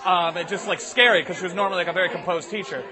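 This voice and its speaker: A man's voice: high-pitched, steady tone, rapid-fire, crowd noise. A young man telling a long comic story to a live audience, rambling with lots of fillers.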